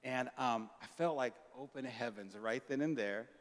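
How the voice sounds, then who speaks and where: A pastor preaching a sermon, telling a story with lively acted-out dialogue and casual slang. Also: male voice, medium pitch, normal speed, long reverb tail.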